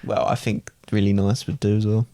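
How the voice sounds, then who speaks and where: A man's voice: fairly low pitch, flat delivery, brisk, mellow, no room sound. A young man from Britain, co-hosting a podcast with his father, chatty and hesitant with lots of fillers. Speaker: podcast co-host, son. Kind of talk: joking banter.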